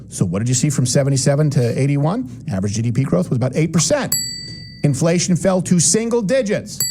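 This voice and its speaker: A man hosts a commentary show in an opinionated monologue, swinging between punchy emphasis and low sarcastic asides. His voice sits fairly high and moves a lot. A faint hiss stays underneath. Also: mellow.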